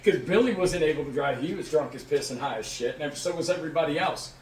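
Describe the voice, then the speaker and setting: Man spinning a profane, lively story. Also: a little high, fast talker, a little hiss or hum. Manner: profane and lively, acting out the people in his story. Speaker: podcast co-host. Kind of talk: casual storytelling. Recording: echoey room, mic at a distance.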